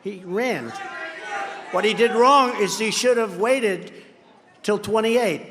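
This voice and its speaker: A political candidate rambles and brags through a rally speech at a podium microphone, mocking opponents by acting out what they say. His voice sits high and slow with a slightly bright quality, and there's a little background noise. The setting is a large campaign rally venue, and its long reverb fills the recording.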